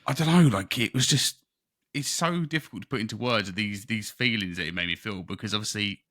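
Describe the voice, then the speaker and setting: Brief: man, low, bright voice, excitable rambling podcast co-host. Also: brisk, no echo, clean studio sound. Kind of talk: casual chat.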